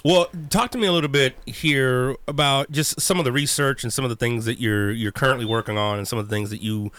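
A man hosts a relaxed conversational interview with a bright, forward tone. He reflects openly and keeps backing up his guest with quick affirmations. The sound is close and dry, with no room around it. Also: medium pitch, clear, resonant tone, dry recording. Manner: affirming, chimes in with frequent agreement. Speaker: podcast host.

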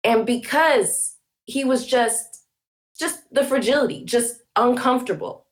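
A woman's voice: a little high, unhurried. A woman speaking as a podcast guest, passionate and emphatic, building her points with rhetorical questions. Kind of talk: conversational interview.

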